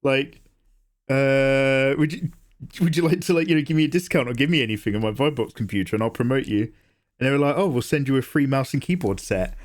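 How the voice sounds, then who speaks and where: This young male artist talks at a brisk clip in a medium-pitched voice while running his live drawing stream. As he draws, he banters casually, cracks jokes, curses, and replies to chat.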